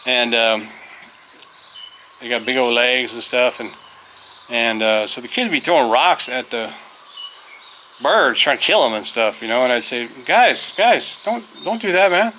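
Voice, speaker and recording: A man's voice: mid-range voice, a little slow, long pauses, bright, forceful tone, slight background noise. A middle-aged man, a former teacher, telling a rambling, folksy story outdoors on a farm, full of fillers and restarts. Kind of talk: casual storytelling.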